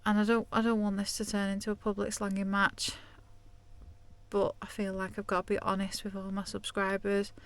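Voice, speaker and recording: A woman's voice: medium pitch, monotone, moderate pace. A woman talking candidly and chattily to camera in a casual vlog from inside her van. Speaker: vlogger.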